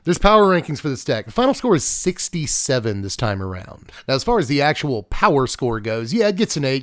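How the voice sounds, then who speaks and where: A man's voice: medium pitch, very animated, a little fast, fairly bright tone, dry recording, clean studio sound. A man hosting a casual deck-tech video, chatty with offhand asides. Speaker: card game channel host.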